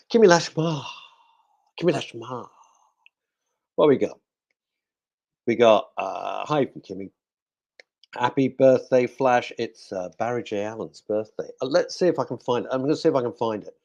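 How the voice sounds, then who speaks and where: A man's voice: mid-range voice, sing-song, normal speed, pauses often, darkish tone, muffled recording. A male radio host chatting casually in a studio, cracking jokes and reading out listener messages. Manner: jokey, rambling, talks to himself.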